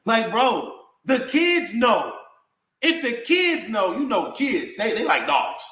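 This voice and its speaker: A man's voice: high-pitched, huge pitch swings, slow, sharp tone, reverberant. A man venting in a heated rant to the camera, indignant and repetitive, calling his viewers bro. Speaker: vlogger.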